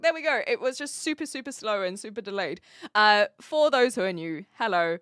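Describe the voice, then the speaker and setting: A woman's voice: a little high, lively intonation, normal speed, fairly bright tone, no room sound, studio quality. A woman from New Zealand with a mixed New Zealand, Australian and American accent, chatting casually and giggly as a live streamer with lots of fillers. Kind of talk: casual chat.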